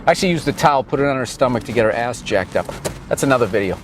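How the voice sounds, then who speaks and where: A man's voice: medium pitch, lively intonation, rapid-fire, noisy background. A man giving a comic street tour outdoors, rambling in a crude, sarcastic, ranting way. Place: outdoors on a town main street.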